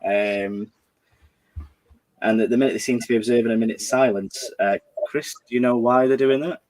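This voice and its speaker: A man's voice: mid-range voice, fairly even intonation, normal speed, darkish tone. Man, football livestream host, casual chat, chatty. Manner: chatty, reads viewer comments aloud.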